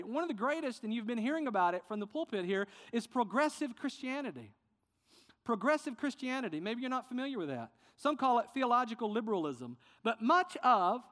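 A man preaching a sermon as pastor, earnest and sometimes softening with emotion. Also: very high voice, long reverb tail. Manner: earnest preaching, quieter and tender when emotional.

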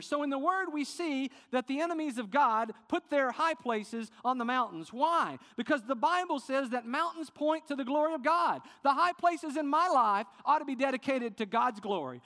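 A man preaching a sermon as pastor, earnest and sometimes softening with emotion. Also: extremely high pitch, in a large hall. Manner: earnest preaching, quieter and tender when emotional.

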